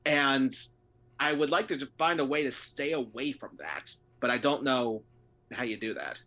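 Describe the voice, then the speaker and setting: A man's voice: medium pitch, moderate pace, sharp tone. A man on a discussion panel earnestly asking about writing, with a few restarts. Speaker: panel guest, aspiring fanfic writer.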